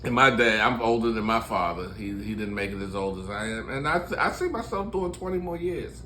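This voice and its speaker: Bright-voiced man in his sixties, joking. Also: medium pitch, lively intonation, brisk, slight background noise. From Baltimore, USA. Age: 60s. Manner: laughing, storytelling, candid and joking. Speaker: musician and show host. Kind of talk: casual chat.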